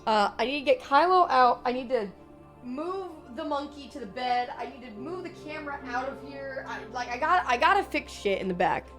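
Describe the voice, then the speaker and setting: A young woman streaming from her room at home, chatting casually with viewers, reading chat aloud and joking between giggles. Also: high-pitched.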